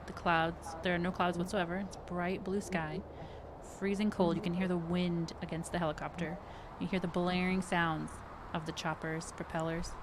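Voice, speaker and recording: A woman's voice: lowish voice, level tone, moderate pace, background noise. A woman narrating a tabletop game as game master, casual and a little hesitant, with many fillers.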